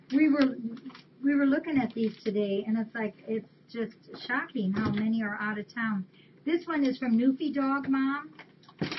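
A woman's voice: a little high, slight background noise. A woman hosting a webcam stream, chatting casually as she reads holiday cards aloud and thanks the viewers who sent them. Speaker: shelter webcam host. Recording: dull lo-fi webcam audio.

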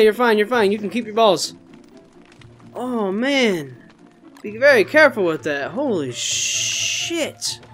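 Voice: medium pitch, fairly bright tone. A gaming channel host giving casual let's-play commentary, goofy and rambling, swearing often.

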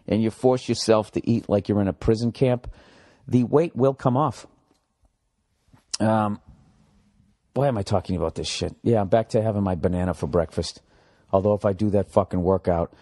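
A man's voice: fairly low pitch, darkish tone. A man hosting his own podcast alone, talking in a profane, rambling, sarcastic way. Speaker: podcast host. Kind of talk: casual solo podcast monologue.

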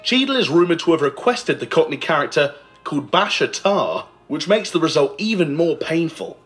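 High, lively male list narrator. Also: normal speed, faint music behind. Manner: sarcastic, mocking. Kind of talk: scripted narration.

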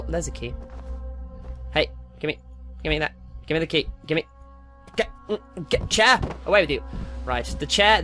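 A man's voice: on the high side, a bit bright. A young man playing a horror game and commentating with jokes, rambling and narrating every move he makes. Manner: jokey, rambling, narrates his own moves. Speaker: let's play gamer.

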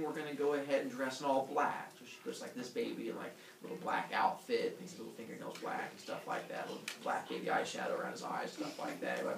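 Animated male teacher telling a comic myth. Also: a little fast, creaky, background noise. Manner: animated, puts on squeaky voices for characters. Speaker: teacher telling myths to a class. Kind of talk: comic classroom storytelling. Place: classroom with students. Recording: echoey room, far from mic, students audible.

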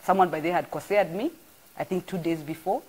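A middle-aged woman, preaching an informal live-streamed sermon as an animated storyteller full of exclamations. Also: on the low side, fast, breathy edge. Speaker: church apostle.

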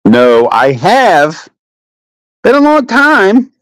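Talking extremely slowly with no room sound, this man hosts a casual livestream from home. His crude stories are full of swearing and carry lively swings in pitch.

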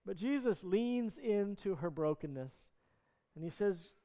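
A man with a high voice preaches to his congregation, retelling a scripture story in plain, earnest words. His voice rings out with a long reverb from a church hall. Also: lively intonation, unhurried, mellow. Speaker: pastor. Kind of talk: sermon. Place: church sanctuary.

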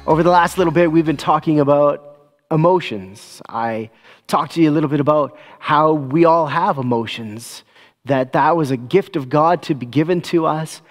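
A man serving as pastor, giving church announcements and a gentle, slow children's talk with a prayer. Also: a little high.

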